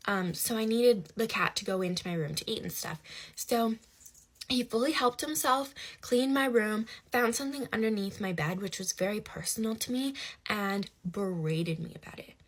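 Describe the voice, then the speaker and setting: Husky young woman telling a story. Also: medium pitch, a bit bright. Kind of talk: casual storytelling.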